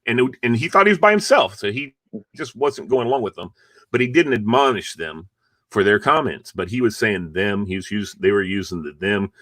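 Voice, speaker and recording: A man's voice: fairly low pitch, animated, brisk, fairly bright tone, dry recording, studio quality. A male host chatting in an interview and telling rambling anecdotes. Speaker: show host. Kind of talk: conversational interview.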